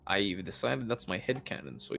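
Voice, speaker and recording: A man with a gravelly, fry-edged voice that swoops up and down, cracking playful jokes as he trades banter at a tabletop gaming session. His speech is loose and conversational. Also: on the low side, lively intonation, normal speed, pushed and bright. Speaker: player. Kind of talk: casual chat at a tabletop game.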